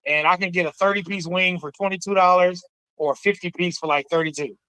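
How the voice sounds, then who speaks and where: A man's voice: high voice, fairly even intonation, a little fast, no room sound, low-quality recording. Rambling male caller on a talk show. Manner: rambling, warm, full of fillers. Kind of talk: casual chat.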